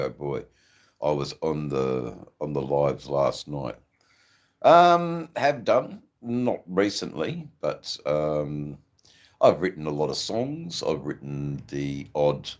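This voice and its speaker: A middle-aged Australian man with a persistent cough, hosting a casual livestream in a slow, rambling way with frequent ums. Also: extremely low pitch, a little mellow. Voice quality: gravelly. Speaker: livestream host. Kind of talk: casual livestream chat reading comments.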